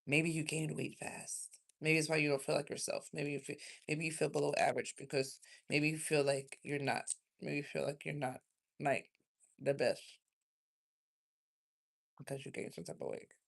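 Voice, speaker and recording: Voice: mid-range voice, little pitch movement, moderate pace, vocal fry. A tarot reader from South Carolina, giving a rambling, emotional, chatty card reading in a casual livestream.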